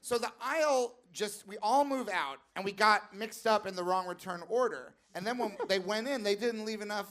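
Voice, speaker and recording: A man's voice: sits high, normal speed, hardly any pauses, a bit bright. A man hosting a live comedy talk show, telling rambling comic stories. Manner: rambling, comic storytelling with laughs. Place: live theater stage.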